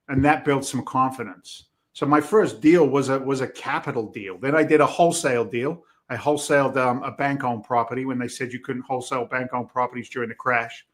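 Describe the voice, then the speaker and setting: A middle-aged man with a Boston accent, talking at an average pitch on a podcast. He tells his stories with energy, acts out quoted dialogue and swears freely in a casual way. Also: a bit bright. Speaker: podcast guest, real estate investor. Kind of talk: animated storytelling in conversation.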